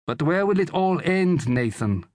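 A worried farm wife in her thirties, pleading in a raised, anxious voice, played by a male audiobook narrator. The delivery is close and dry, with a lively lilt. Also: high-pitched, unhurried, no echo, pitched above the performer's own voice, full character voice.

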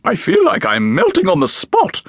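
A man voicing a stern, secretive woman archaeologist who speaks in a formal, curt and hushed way for an audiobook. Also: a little high, wildly swooping pitch, unhurried, husky, no echo, studio quality, pitched above the performer's own voice, exaggerated voice. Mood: dry. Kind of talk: audiobook character voice.

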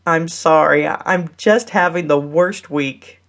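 A woman voicing a flustered, excitable single mother in a romance audiobook. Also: deep voice, a little slow. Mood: rueful. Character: flustered single-mom woman, quick to laugh.

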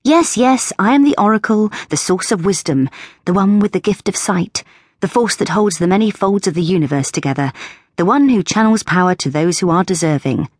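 A brisk, spirited young woman pilot, as a narrator puts her on, lifting above her everyday speaking voice. The tone is slightly husky and the read is close and dry. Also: mid-range voice, big pitch swings, no echo, pitched above the performer's own voice. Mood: bored sing-song. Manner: brisk, cheerful and impatient. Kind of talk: audiobook character voice.

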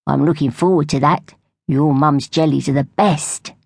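A woman voicing a kindly old male squirrel grandfather with a cosy, lively manner. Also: low-pitched, moderate pace, vocal fry, breathy edge, no room sound, exaggerated voice.

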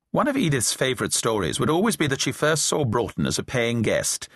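Guy reading an audiobook, low husky voice, wry and dry, close mic. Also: no room sound. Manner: dry, wry storytelling with lively intonation. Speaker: audiobook narrator. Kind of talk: reading a novel aloud, voicing characters lightly. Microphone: close studio mic, dry booth.

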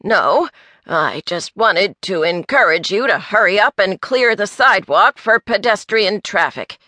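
A woman voicing a cranky older male busybody who talks in a gruff, accusing way. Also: mid-range voice, animated, unhurried, sharp tone, dry recording, clean studio sound. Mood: grumbling.

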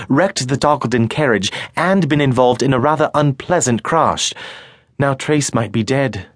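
A man narrating a children's audiobook in a measured storytelling manner. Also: medium pitch, no echo. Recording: dry studio recording.

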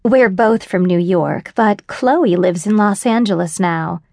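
Casting: female narrator doing a bold, teasing best friend, unhurried, dry studio sound. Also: medium pitch, gravelly, a little mellow, no room sound. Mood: flirty. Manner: teasing, forward. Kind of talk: audiobook character voice.

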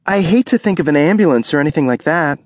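A man voicing an anxious young pregnant wife in an audiobook, speaking softly and pleadingly. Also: a little high, lively intonation, quick pace, no room sound, studio quality, voice pushed up, natural voice. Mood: worried. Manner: pleading, soft and worried. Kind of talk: audiobook character voice.

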